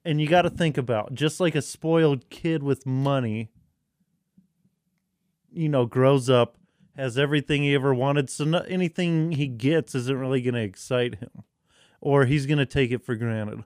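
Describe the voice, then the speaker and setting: Man with a smooth, dry voice. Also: medium pitch, moderate pace, no echo. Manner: rambling, profane, excitable. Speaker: podcast co-host. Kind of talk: casual chat.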